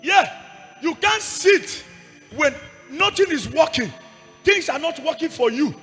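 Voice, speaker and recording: A Nigerian man preaching a sermon to a congregation in Nigerian English, shouting repeated lines and calling for responses. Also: extremely high pitch, animated, unhurried, long reverb tail, faint music behind. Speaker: evangelist preacher. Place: church service with congregation.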